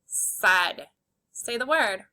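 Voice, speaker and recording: A woman's voice: mid-range voice, lively intonation, sharp tone. A woman teaching a phonics reading lesson to young children, sounding out letters one by one and cheering them on. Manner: slow, clear, encouraging; sounds out letters one by one.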